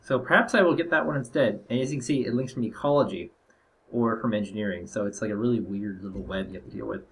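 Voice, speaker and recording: A man's voice: fairly low pitch, quick pace. A young man casually commenting on his own strategy game playthrough, rambling and hesitant with lots of fillers. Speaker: gameplay commentator. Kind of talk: casual let's-play commentary.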